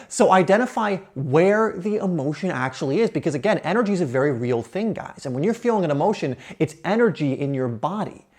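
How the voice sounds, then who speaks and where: A man speaking as a self-help coach in an earnest, coaching way, sometimes acting out the thoughts of his listeners. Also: a little high. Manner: earnest, coaching, acts out inner thoughts in quotes. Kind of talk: motivational talk to camera.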